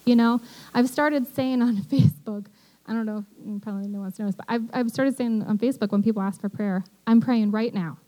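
A woman's voice: on the high side, fairly quick, dark tone, low-quality recording. A woman teaching about prayer in an earnest, conversational way, often checking in with her listeners. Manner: earnest, conversational, peppered with "you know". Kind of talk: casual sermon.

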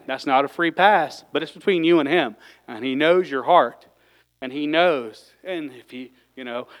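Lay preacher, man, heartfelt and excitable; resonant, clean voice pitched a bit high. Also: low-quality recording. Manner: fervent, gets worked up, sighs and exclaims between points. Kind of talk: emotional sermon.

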